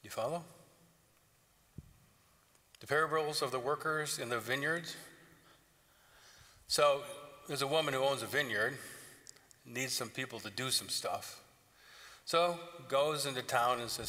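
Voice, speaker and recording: A man's voice: mid-range voice, a little slow, pauses often, pushed and bright, big-room sound. A man preaching a sermon as pastor, retelling parables in a joking, conversational way. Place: church sanctuary.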